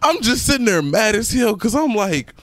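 A man's voice: high voice, moderate pace, no echo. A young man, a podcast co-host, telling a personal story in casual slangy chat with friends, laughing as he goes. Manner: animated, laughs through his story, slangy.

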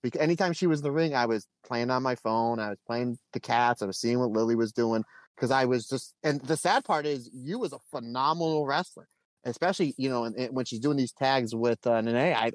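A man co-hosting a podcast, telling stories and ranting about wrestling in an animated, emphatic way. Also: medium pitch, no echo. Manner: animated storytelling, emphatic and laughing. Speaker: podcast co-host. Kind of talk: casual podcast review chat.

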